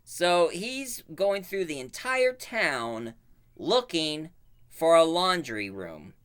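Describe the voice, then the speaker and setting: A man casually retelling a cartoon plot as a reviewer, with animated storytelling full of fillers. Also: a little high, takes it slowly, smooth.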